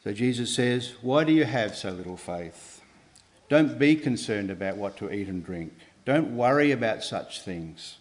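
A man preaching a sermon in an earnest, measured way, pausing and restarting, with emphatic rises on key words. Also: fairly low pitch, expressive.

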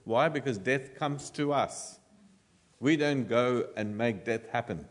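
Man, preacher, expository sermon, middle pitch, emphatic swells and hushed drops. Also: slow pace. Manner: expository, shifts loud and soft for emphasis.

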